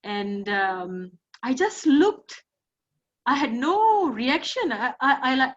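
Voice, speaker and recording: A woman's voice: high voice, very animated, slow, long pauses, lo-fi sound. A woman with a Malaysian English accent, a guest telling of her own past in an emotional, emphatic way, close to tears. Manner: tearful, emphatic storytelling. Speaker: guest, survivor of domestic violence. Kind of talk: emotional personal testimony.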